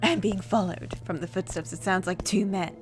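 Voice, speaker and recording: A woman reading as a cold, calm young man. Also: medium pitch, over music, close to an everyday voice. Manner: even, measured reading of game text. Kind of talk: reading a game aloud on a live stream.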